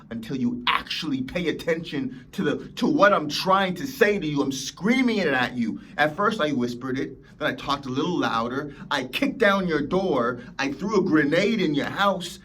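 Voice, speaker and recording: A man's voice: fairly high pitch, animated, normal speed, few pauses, a bit bright, husky. A man hosting a motivational podcast, preaching emphatically and acting out whiny complainers. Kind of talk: motivational talk.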